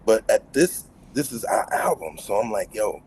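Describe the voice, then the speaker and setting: Low male producer, laid-back, repeats himself, faint background noise. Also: normal speed. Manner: relaxed, repeats phrases. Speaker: guest producer. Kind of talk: casual storytelling.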